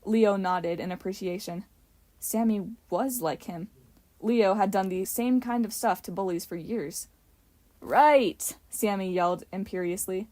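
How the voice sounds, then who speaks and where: A woman reading a novel aloud for a homemade audiobook. She carries the story at an even, steady storytelling pace, with a voice of ordinary pitch. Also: moderate pace. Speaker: audiobook narrator. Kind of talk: amateur audiobook narration.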